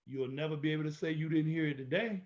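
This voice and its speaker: A man's voice: on the high side, fast talker, muffled recording. A man giving an emphatic, confrontational lecture, repeating his points boldly. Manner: emphatic, repetitive, bold and confrontational. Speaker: instructor. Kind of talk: lecture-style video walkthrough.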